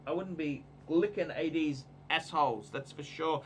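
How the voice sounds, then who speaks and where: A man's voice: on the high side, normal speed, hardly any pauses, a bit bright, breathy edge. A man hosting a casual livestream, giving emphatic, repetitive, ranting advice. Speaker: livestream host.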